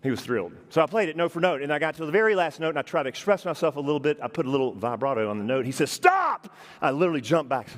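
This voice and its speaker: A man's voice: a little high, very fast, hardly any pauses. A man giving a storytelling keynote speech to a conference audience, talking to the crowd directly and acting out the people in his stories. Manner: animated, addresses the audience directly and acts out quoted people. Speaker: keynote speaker. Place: large conference hall. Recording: long hall reverb.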